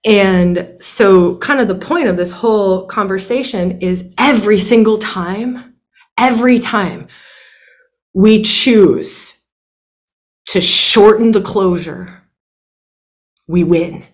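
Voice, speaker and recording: A woman's voice: mid-range voice, slow pace, long pauses. A young adult woman teaching a workshop, emphatic and blunt, swearing freely and repeating phrases for emphasis. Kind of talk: impassioned teaching talk.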